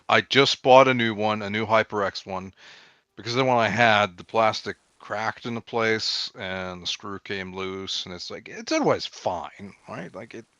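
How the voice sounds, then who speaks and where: A man's voice: on the low side, fairly bright tone, dry recording. A man chatting casually on a stream, offhand and making crude jokes. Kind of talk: casual chat. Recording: dull lo-fi mic.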